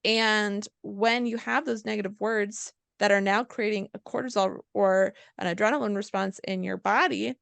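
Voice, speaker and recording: A chatty woman co-hosting a podcast, explaining health ideas as a chiropractor. Her voice carries a gravelly edge, and she sits close to the mic in a dry room. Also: medium pitch, steady tone, normal speed, few pauses, fairly bright tone, dry recording. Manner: chatty, explanatory, acts out quotes. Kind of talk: casual podcast chat.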